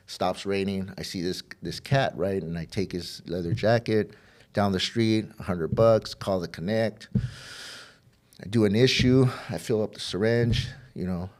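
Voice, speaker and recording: A middle-aged man with a very low, deep voice tells his own story of addiction and recovery as a podcast guest. He rambles, doubles back and repeats words, and acts out old conversations in the quoted lines. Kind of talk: personal storytelling.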